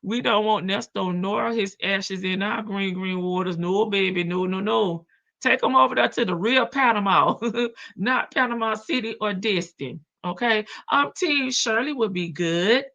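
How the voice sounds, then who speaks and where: A woman's voice: mid-range voice, unhurried, creaky, pushed and bright. A woman with a country Southern drawl hosting a casual livestream, chatting, laughing and reading viewer comments. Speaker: livestream reaction host.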